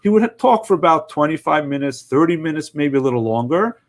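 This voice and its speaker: A man telling an inspirational story in an earnest, emphatic, measured way. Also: fairly high pitch, expressive. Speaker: inspirational speaker.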